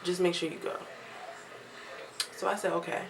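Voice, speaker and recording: A woman's voice: on the low side, normal speed, noisy background. Chatty young woman telling a story. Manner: chatty, animated quoting of others, laughs often. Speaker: vlogger. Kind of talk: casual storytime.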